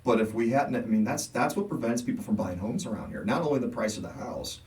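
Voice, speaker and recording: A man's voice: medium pitch, fast, distant mic. A middle-aged man co-hosting a casual local podcast, telling stories with quoted dialogue and frequent laughs. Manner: animated storyteller, laughs often, acts out quotes. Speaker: podcast co-host. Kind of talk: casual chat.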